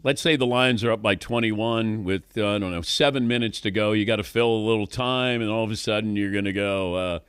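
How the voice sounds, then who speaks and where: A man's voice: fairly low pitch, brisk, few pauses, a bit bright, smooth, no echo, clean studio sound. A middle-aged man hosting a sports talk show, chatting casually and laughing often. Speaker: sports talk radio host.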